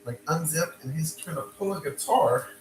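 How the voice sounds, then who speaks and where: A man casually telling a personal story, animated and repeating himself, with frequent stops and restarts. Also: a little high, normal speed, slight background noise, low-quality recording.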